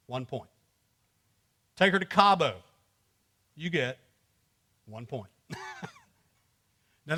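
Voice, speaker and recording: A man teaches a men's class at church in a joking, conversational way, quizzing the audience and laughing often as he delivers humorous teaching. His voice has a fairly high pitch and a fairly bright tone.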